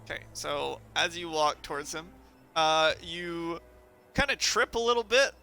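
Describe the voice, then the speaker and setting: A man running a tabletop game as game master, narrating loosely with many fillers and pauses. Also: fairly high pitch, expressive, gravelly, pushed and bright, clean tone.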